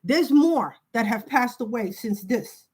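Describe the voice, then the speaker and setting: A woman's voice: a little high, lively intonation, unhurried, darkish tone, breathy edge. A woman talking straight to her viewers in an urgent, emotional monologue, often stumbling and repeating words as she warns them. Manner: urgent warning tone. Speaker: spiritual video creator. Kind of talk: emotional direct-to-camera monologue.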